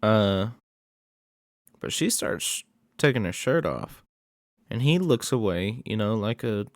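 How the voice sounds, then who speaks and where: A man's voice: on the low side, lively intonation, slow pace, dry recording, clean studio sound. A man casually recapping a horror movie plot in a rambling way, with many fillers and asides.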